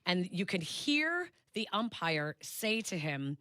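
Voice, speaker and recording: A woman's voice: on the low side, slow, no room sound, clean studio sound. Chatty woman co-hosting sports radio. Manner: animated retelling, acts out quoted voices. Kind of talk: casual radio chat, storytelling. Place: radio studio. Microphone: studio microphone.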